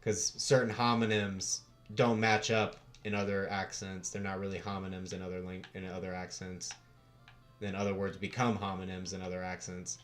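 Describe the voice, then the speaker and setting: A man's voice: low voice, level tone, normal speed, fairly bright tone, faint music behind. Laid-back young American guy streaming. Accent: Western American. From United States. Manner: laid-back, swears casually, chuckles often. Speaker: livestream host. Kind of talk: casual livestream chat.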